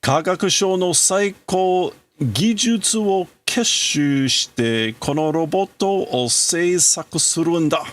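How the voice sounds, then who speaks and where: A man's voice: high-pitched, lively intonation, slow, few pauses, voice pushed up. A man voicing a grief-stricken scientist father who cries out in anguished bursts, reading manga lines aloud. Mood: resolute.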